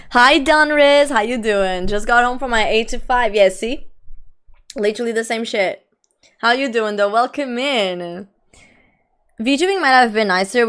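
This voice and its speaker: A woman's voice: a little high, fairly bright tone, smooth. A young adult woman streamer chatting casually and reading her chat aloud. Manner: chatty, reads chat aloud, frequent laughs and "like".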